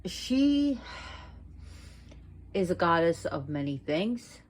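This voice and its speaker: Woman, low voice, unhurried, home video presenter, careful emphatic delivery. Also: big pitch swings, a little hiss or hum. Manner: slow, deliberate, repeats pronunciations for emphasis. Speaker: video presenter on mythology and witchcraft. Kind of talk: casual educational talk to viewers.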